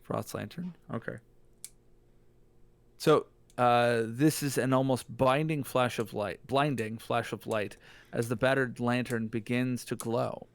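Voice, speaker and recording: A man with a steady, mid-range voice speaks a little slowly in a dry recording. Streaming a text adventure with a friend in casual co-op chat, he reads the game text aloud and rants jokingly between turns.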